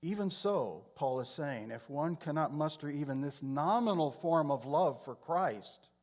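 Man teaching a sermon, measured. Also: a little high, expressive. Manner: measured teaching delivery with frequent throat-clearing. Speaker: Bible teacher.

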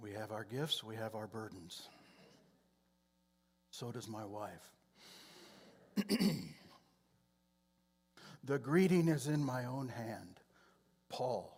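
A man teaching from the Bible in a sermon, speaking in a measured way and often clearing his throat. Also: fairly low pitch, animated.

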